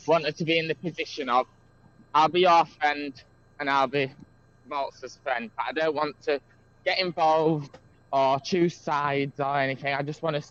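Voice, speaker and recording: A man's voice: on the high side, a bit bright, muffled recording. A man tells a long story in casual chat over a video call. He rambles, with many fillers and restarts. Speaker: guest caller.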